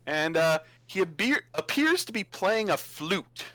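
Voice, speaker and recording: A man narrating as game master, laughing easily between descriptions. His voice is bright and sits a touch high. His pitch moves in a lively way. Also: slow, dry recording, rough recording. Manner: laughs often, relaxed. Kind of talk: narrating a tabletop game on a live stream.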